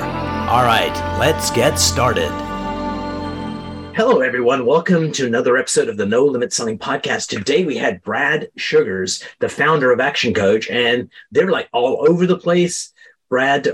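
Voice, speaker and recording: A man hosting a podcast interview, talking in an energetic, promotional way. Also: medium pitch. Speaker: podcast host.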